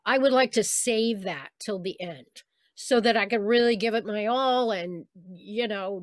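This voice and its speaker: A woman's voice: mid-range voice, no room sound, studio quality. An older woman, a voice actress as interview guest, telling stories in a reflective, chatty way with small laughs. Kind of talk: casual interview chat.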